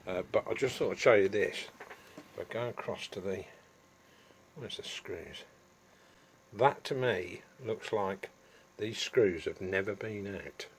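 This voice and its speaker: Rambling man, a low voice. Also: unhurried, a little hiss or hum. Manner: rambling, homely, going off on asides. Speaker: DIY vlogger. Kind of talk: casual chatty vlog.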